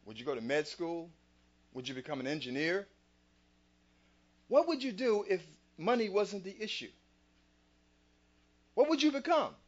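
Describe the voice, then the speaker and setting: A man's voice: high voice, animated, moderate pace, long pauses. A male host giving a motivational talk in a preacher-like way, with rhetorical questions and scripture. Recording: dull lo-fi sound.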